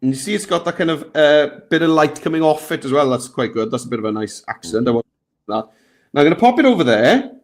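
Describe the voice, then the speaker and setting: A man hosting a live software lesson, chatting and guiding the viewers step by step. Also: a little high, lively intonation, quick pace. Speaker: tutorial host.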